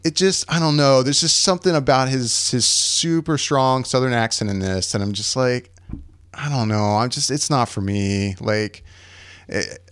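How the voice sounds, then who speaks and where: A man's voice: medium pitch, normal speed, a bit bright, clear, resonant tone, dry recording. A man who grew up in the American South, co-hosting a film podcast in casual, hesitant chat with frequent laughs. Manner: hesitant, rambling, laughs often. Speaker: podcast co-host.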